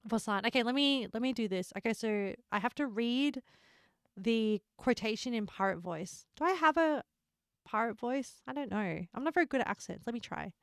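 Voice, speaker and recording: A woman's voice: a little high, expressive, moderate pace, smooth, no room sound. A woman streaming a game, chatting casually with her viewers, joking and laughing often, on a close desk microphone.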